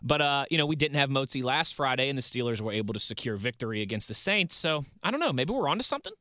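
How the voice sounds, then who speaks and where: Bright-voiced, upbeat sports radio man. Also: medium pitch, sing-song, fast talker, dry recording, clean studio sound. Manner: chatty, reads listener tweets and banters. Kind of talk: solo sports talk radio.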